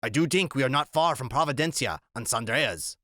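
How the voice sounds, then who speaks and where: A man doing an old West Indian seaman, steady and kind. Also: medium pitch, brisk, no echo, clean studio sound. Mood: calm. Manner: gentle, steady, dialect speech.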